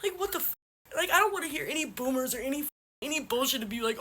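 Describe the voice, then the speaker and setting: A woman's voice: very high voice, fast, sharp tone. A woman crying while ranting angrily and profanely in a selfie video. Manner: furious, profane, voice breaking. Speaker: social media poster.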